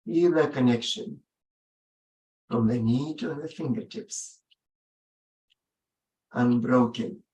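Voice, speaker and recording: A man leading a yoga class, giving gentle, unhurried spoken cues with long pauses between them. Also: mid-range voice, far from the mic. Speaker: yoga instructor. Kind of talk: guided yoga instruction. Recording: roomy sound from off-mic.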